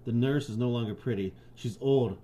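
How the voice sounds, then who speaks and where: Crude joking podcast man, dark voice. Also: medium pitch, normal speed. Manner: crude, joking, laughs a lot. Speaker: podcast co-host. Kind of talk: casual chat, reading stories aloud.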